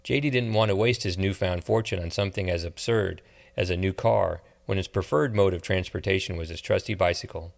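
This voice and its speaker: Give me a male audiobook narrator, steady and measured, with a low, gravelly voice. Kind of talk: scripted narration.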